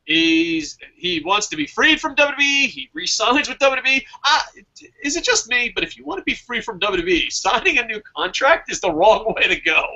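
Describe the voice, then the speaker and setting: A man's voice: sits high, very animated, normal speed, bright, forceful tone, highs cut off. A man hosting a fantasy wrestling draft show, talking in a casual, profane way and laughing at his own jokes.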